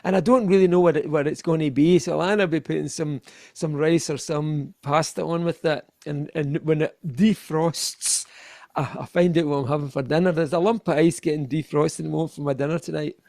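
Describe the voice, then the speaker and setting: A Scottish man speaks with a slightly raised, gravelly voice. He rambles in relaxed interview chat and keeps circling back to restart his thoughts. The recording is dry and close. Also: fairly high pitch, a little fast, no room sound. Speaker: guest, keyboardist.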